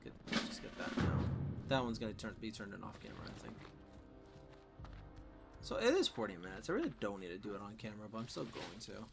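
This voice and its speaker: A man's voice: on the low side, huge pitch swings, brisk, creaky, soft background music. Rambling man doing game commentary. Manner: rambling, self-correcting. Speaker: let's play host.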